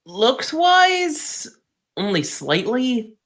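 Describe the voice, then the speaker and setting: A man's voice: extremely high pitch, very animated, drawn-out words, fairly bright tone. A man chatting casually as a guest on a stream, jokey and plain-spoken, and playfully defensive when teased. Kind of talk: casual chat.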